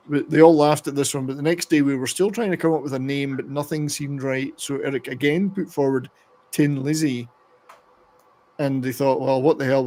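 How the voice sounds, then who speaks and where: Man, podcast host, gravelly voice, mid pitch, casual rambling chat, reads excerpts aloud. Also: darkish tone.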